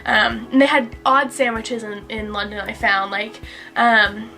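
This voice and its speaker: A woman's voice: a little high, fairly even intonation, unhurried, pushed and bright, faint music behind. A young woman from Kentucky chatting casually about studying abroad, acting out quotes as she tells stories. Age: young adult. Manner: chatty storyteller, acts out quotes. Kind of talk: casual chat.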